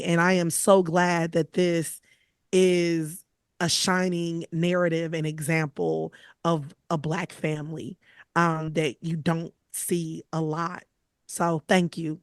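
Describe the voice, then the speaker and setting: Effusive podcast co-host woman, low voice. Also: no room sound, studio quality. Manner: warm, effusive, emphatic. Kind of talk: casual chat.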